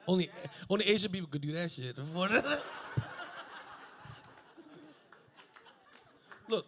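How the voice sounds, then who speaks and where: A young adult man doing a stand-up comedy set, animated and laughing at his own jokes. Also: high-pitched, extremely slow, long pauses, noisy background.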